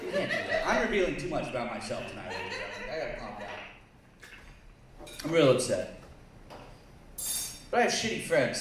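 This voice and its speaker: A man performing a stand-up comedy set in a bar, crude, rambling and self-mocking. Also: fairly high pitch. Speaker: stand-up comic and co-host. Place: bar lounge stage. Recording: echoey bar room, faint noise, distant mic.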